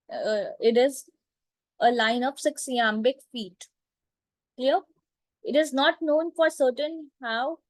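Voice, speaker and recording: Woman teacher, higher voice, very slow deliberate delivery, repeats herself. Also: no room sound, low-quality recording. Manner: slow, repetitive, checks understanding with "right?" and "clear?". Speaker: literature teacher. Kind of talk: classroom lecture.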